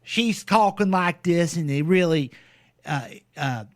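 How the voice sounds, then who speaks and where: A man's voice: on the high side, animated, slow. A man co-hosting a talk radio show, chatting casually and bluntly, often indignant and laughing. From Missouri, US. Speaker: radio co-host. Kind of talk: casual political chat.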